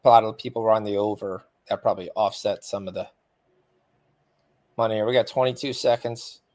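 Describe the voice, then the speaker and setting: A man's voice: on the low side, steady tone, fairly quick, darkish tone. A man hosting a live sports betting show, calling the game play by play and talking about bets.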